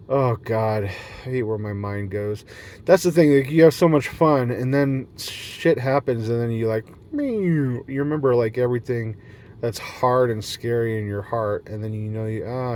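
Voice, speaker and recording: A man's voice: fairly low pitch, darkish tone, slight background noise. A man rambling in a silly, free-flowing monologue, jumping between topics and laughing often, recorded outdoors in nature at night. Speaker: vlogger.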